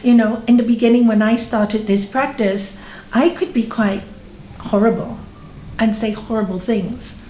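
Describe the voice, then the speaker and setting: Woman yoga teacher, slightly high voice, animated and laughing often, recorded in a reverberant room. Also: a little slow, slight background noise. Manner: lively, laughs often, quizzes the audience. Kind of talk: teaching a class. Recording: echoey room with faint ambience.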